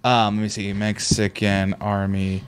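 A man's voice: on the low side, a little slow, clean tone. A man co-hosting a podcast in casual chat, telling a story with profanity and laughter. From California. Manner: animated storytelling, profane, laughing, voices people in quotes. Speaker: podcast co-host.

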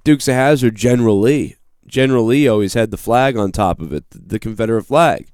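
A man's voice: mid-range voice, a little fast, darkish tone, clean tone, no room sound, clean studio sound. A man in his thirties with a Boston accent, hosting a live show and telling a rambling, profane story about his own mishaps. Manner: rambling, profane, self-deprecating. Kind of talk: casual live-stream storytelling.

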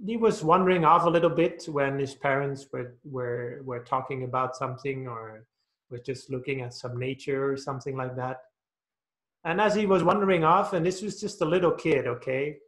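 Man giving a dharma talk. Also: on the high side. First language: Dutch. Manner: patient, explaining with stories and many "uh"s. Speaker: Buddhist meditation teacher. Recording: roomy echo.

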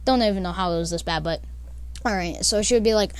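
A woman's voice: medium pitch, fast, clear, resonant tone, dry recording, clean studio sound. A young woman telling a casual storytime, rambling with many fillers and laughs. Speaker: vlogger.

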